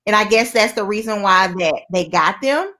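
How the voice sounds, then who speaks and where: Lively, animated woman chatting about a movie. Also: mid-range voice, moderate pace. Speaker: guest. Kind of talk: casual movie chat.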